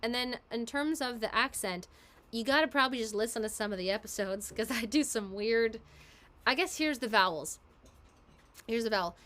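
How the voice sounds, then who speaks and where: A woman voice actress casually chatting and answering fan questions on a live stream, giggly and quick. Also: a little high, expressive, fairly bright tone.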